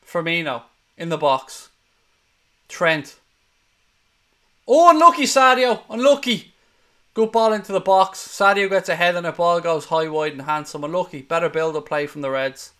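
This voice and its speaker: Host: man, fairly high voice, fiery, profane match caller. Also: steady tone, a bit bright, smooth. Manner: heated, sweary, rapid play-by-play. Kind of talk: live match watchalong commentary.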